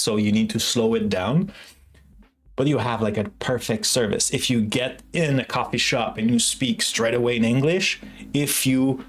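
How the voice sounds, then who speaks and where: Give me a man with a Quebec French accent chatting loosely on a live stream, with a middle pitch and lots of filler words. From Quebec, Canada. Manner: rambling, heavy use of "like", frequent restarts. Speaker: live-streaming software developer. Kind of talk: casual livestream chat.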